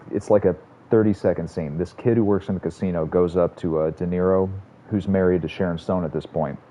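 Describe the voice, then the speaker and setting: A man's voice: sits low, mellow, a little hiss or hum, rough recording. A man streaming a game, chatting casually and rambling with lots of swearing and self-mocking asides. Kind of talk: casual gameplay chat.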